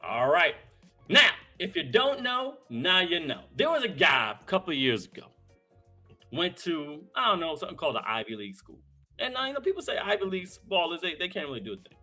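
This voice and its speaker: A man's voice: high voice, big pitch swings, a little fast, soft background music. Hyped man hosting a live show. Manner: hyped, slangy, lots of shout-outs. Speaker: host. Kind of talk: energetic live-stream talk show hosting.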